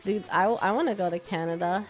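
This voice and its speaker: A woman's voice: medium pitch, fairly quick. Chatty young woman with a slight Texan twang. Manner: chatty, self-deprecating, laughs often. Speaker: streamer. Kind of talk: casual chat with viewers while working.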